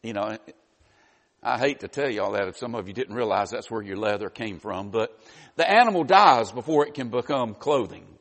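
A man's voice: on the low side, animated, moderate pace, a bit bright. A man preaching a sermon, teaching in a conversational way with wry asides. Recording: long reverb of a large hall.

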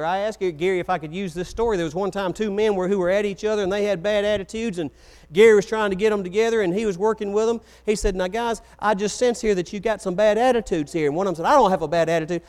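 Guy preaching, high voice, storytelling, a bit of electrical hum. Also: darkish tone, smooth. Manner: storytelling, acts out quoted voices. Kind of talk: sermon.

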